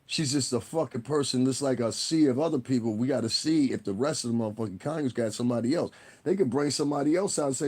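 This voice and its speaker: A man's voice: medium pitch, fast, a little mellow, husky. A male livestreamer with a mid-range voice, talking in a loose, rambling rant to his chat. He is blunt and combative and swears constantly. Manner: blunt, combative, heavy cursing; rambling, talks straight to viewers. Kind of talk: profane live-stream rant.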